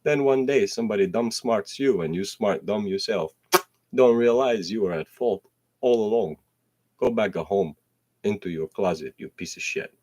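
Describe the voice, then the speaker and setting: A man hosting his own solo show, rambling in a profane stream-of-consciousness monologue that slips into half-rapped verses and swings between loud outbursts and low mutters. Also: normal speed.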